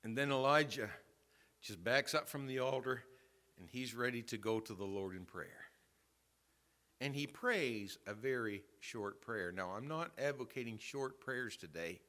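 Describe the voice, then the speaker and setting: A man pastor preaching a sermon in a church, telling a story with swings from quiet asides to loud emphasis. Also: mid-range voice, unhurried. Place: church sanctuary.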